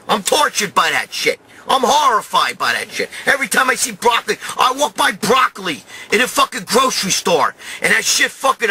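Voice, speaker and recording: A man with a high, lively voice that swoops up and down as he rants to camera. His tone is bright and sharp, and he keeps breaking into shouts between curses. It plays as a crude, comic tirade. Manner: loud, swearing, bursts of shouting. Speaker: host. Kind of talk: profane comic rant to camera.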